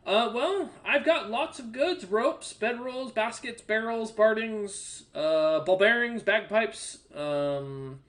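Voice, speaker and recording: A man's voice: high voice, expressive, takes it slowly, hardly any pauses, a bit bright, pitched above the performer's own voice, full character voice. A man voicing a plain, chatty male orc shopkeeper who rattles off long lists of wares. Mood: salesy.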